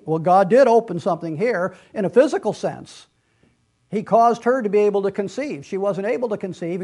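A man preaches a Bible lesson, sermon-style, in an earnest and conversational manner, often restarting sentences and adding asides. His voice sits high and has a slightly mellow quality.

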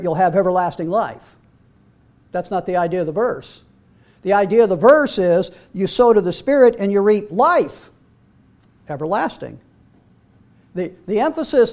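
Middle-aged male preacher, high voice, reads scripture, halting restarts. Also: a little mellow. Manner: repeats words when restarting, reads scripture aloud. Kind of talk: sermon.

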